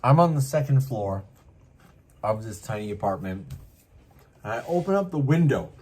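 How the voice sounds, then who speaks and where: A man from Canada telling a story casually, lively and full of asides, as host. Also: mid-range voice, moderate pace, breathy edge. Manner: animated, acts out voices, many asides.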